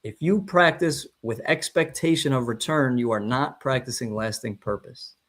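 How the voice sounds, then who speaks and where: A man's voice: medium pitch, moderate pace, a bit bright. A man, a chiropractor, giving a motivational talk to fellow chiropractors and stressing his points by repeating phrases.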